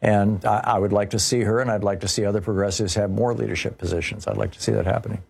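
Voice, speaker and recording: Talk radio host, male, husky and a bit low, loose rambling delivery. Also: steady tone, fast talker, darkish tone. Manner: rambling storytelling with many fillers.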